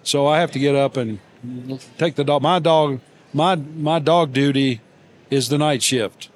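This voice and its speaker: An older man, a guest in an interview, telling warm everyday stories in a halting, gently humorous way, with many fillers and restarts. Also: fairly high pitch, slight background noise. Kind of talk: reflective storytelling interview.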